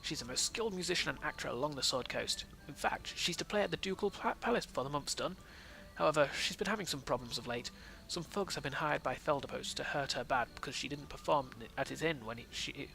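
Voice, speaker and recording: A man's voice: a little high, creaky, pushed and bright, exaggerated voice, poor audio. A man reading out the lines of an eager male servant in a video game, in his own plain voice.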